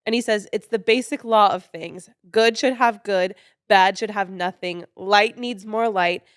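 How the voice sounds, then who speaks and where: An American woman co-hosts a relaxed, chatty podcast and agrees easily along the way. Her voice sits in a middle range. The sound is dry and close-miked. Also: medium pitch, measured pace, no room sound. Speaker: podcast co-host. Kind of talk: casual chat.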